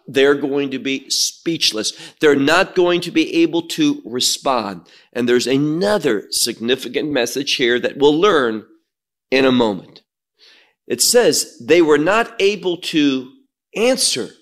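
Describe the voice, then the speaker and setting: Slow, emphatic male Bible teacher. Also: a little high, a bit bright. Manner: slow, emphatic, reads scripture aloud with word study. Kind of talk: sermon.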